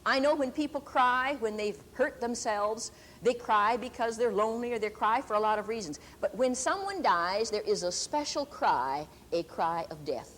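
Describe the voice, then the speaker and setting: An older woman preacher telling a testimony in a sermon, deliberate and emphatic, drawing out key words slowly. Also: a little high, expressive, a bit bright, slight background noise. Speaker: preacher and Bible teacher.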